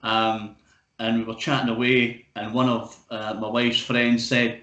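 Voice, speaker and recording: A man's voice: mid-range voice, little pitch movement, a little slow, highs cut off. Chatty man on an echoey call. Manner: chatty, swears freely, laughs loudly. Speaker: interviewer. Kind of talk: casual video-call chat.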